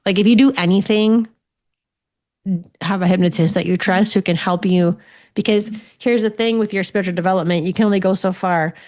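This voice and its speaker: Speaking fairly quickly in a steady, medium-pitched voice with a darkish tone, a woman from Ontario, Canada, chats on her solo podcast. She's in her forties, works as a spiritual medium, and swears freely as she casually tells stories.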